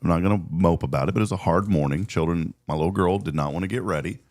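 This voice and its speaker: A man, hosting a casual morning show and telling stories with lively voices. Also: deep voice, quick pace. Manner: animated storyteller, acts out voices. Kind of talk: casual chat.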